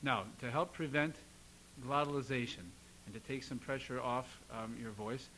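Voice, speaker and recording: A man teaching a singing lesson, coaching a student with lively encouragement and sung demonstrations. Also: medium pitch, normal speed, slight background noise, rough recording.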